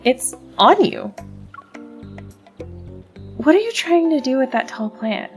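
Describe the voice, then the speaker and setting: A woman's voice: high-pitched, sing-song, slow pace, soft background music, voice pushed up, full character voice. A woman reading a playful young heroine's lines aloud from a game in her own voice. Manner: read aloud from the screen.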